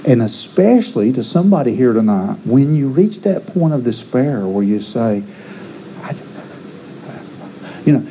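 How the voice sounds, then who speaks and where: Earnest, dark-voiced preacher man. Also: medium pitch, big pitch swings, a little slow, pauses often, a little hiss or hum, rough recording. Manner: earnest, repeats words and restarts phrases. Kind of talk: sermon with personal stories.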